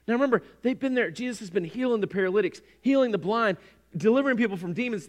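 A man preaching a sermon, animated and conversational, acting out quoted voices. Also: high voice. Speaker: pastor.

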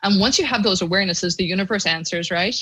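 Animated Irish woman telling her story. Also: mid-range voice, fast talker, breathy edge, rough recording. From Ireland. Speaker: guest. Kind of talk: podcast interview, personal story.

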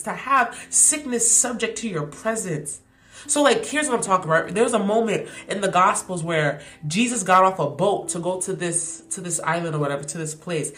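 A young woman hosting a podcast offers a casual, heartfelt devotional reflection full of slang and emphatic repetition. Her medium-pitched voice turns a bit hoarse.

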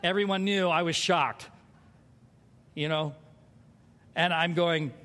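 A man preaching a sermon as pastor, animated and conversational, with humor. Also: a little high, takes it slowly, long pauses. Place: church sanctuary. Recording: hall reverb.

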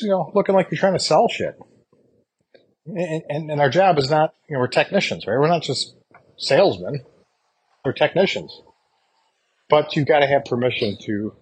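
A man's voice: medium pitch, slightly rough. A man casually coaching service technicians, rambling and often tossing in "you know" and "right?". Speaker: podcast host coaching HVAC technicians. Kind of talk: casual instructional talk.

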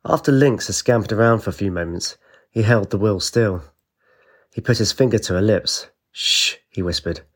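A man, narrating an audiobook with steady storytelling. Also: on the low side, normal speed.

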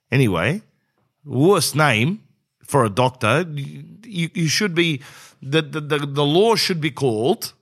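A man's voice: medium pitch, fairly bright tone. A middle-aged man telling a rambling comic story, acting out both sides of the dialogue and saying "bro" a lot. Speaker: comedian.

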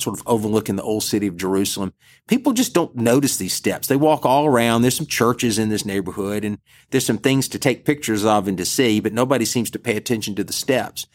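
Man teaching the Bible. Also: lowish voice. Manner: conversational storytelling, relaxed asides. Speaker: priest.

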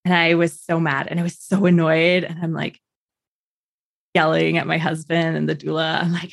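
Woman guest, lively storyteller who slips into other voices, slightly low, dry close mic. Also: normal speed, gravelly, no echo. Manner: animated, acts out the people in her story, laughs often. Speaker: podcast guest sharing her birth story. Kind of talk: casual storytelling.

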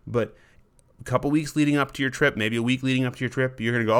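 A man with an ordinary mid-range voice hosts a relaxed advice podcast as a dog trainer. He talks in a loose, conversational way, restarting phrases and voicing a dog's inner thoughts in quotes. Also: medium pitch, fast, clean tone.

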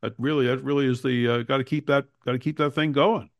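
A man's voice: medium pitch, steady tone, fast. A man hosting a talk show, chatting casually about politics with wry jokes. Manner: wry, joking.

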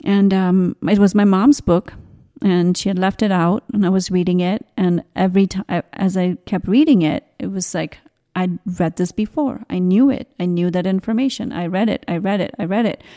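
Woman in her 40s, soft mellow voice, rambly chat about spiritual growth, keeps going off on tangents. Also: mid-range voice, fairly even intonation, moderate pace. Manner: gentle, rambling, with side tangents and restarts. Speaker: podcast host. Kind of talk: casual spiritual podcast talk.

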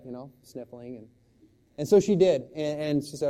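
A middle-aged man preaching a sermon as pastor, shifting from loud, impassioned exclamations to quiet, hushed storytelling. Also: medium pitch, animated, moderate pace.

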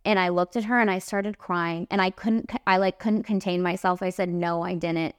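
A young woman in her twenties, a makeup artist hosting a podcast, telling a story in a casual, animated, emphatic way. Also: mid-range voice, normal speed, smooth, no room sound, clean studio sound.

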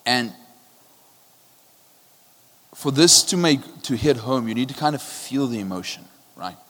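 A male pastor preaching a passionate sermon, his voice swinging from quiet and low to loud, often checking in with "right?". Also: animated, unhurried. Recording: long hall reverb.

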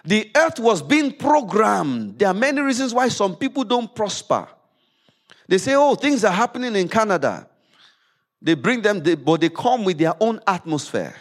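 Lively male preacher, animated sermon. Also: moderate pace. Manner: reads scripture aloud with rising emphasis, then drops low to explain. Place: church service.

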